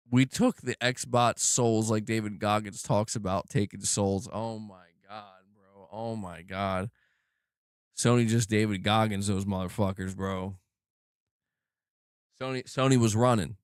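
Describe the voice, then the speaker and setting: Low smooth-voiced dude streaming from home, rambling about game news, cussing a bunch, super dry sound. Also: male voice, no echo. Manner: casual, profane, filler-heavy slang. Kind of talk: live stream commentary. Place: home room.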